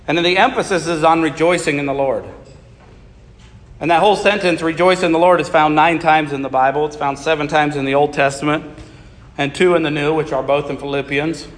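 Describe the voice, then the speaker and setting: A man's voice: fairly high pitch, brisk. Man preaching in a reverberant church. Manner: steady preaching, reading scripture aloud and explaining it. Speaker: pastor. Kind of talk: sermon.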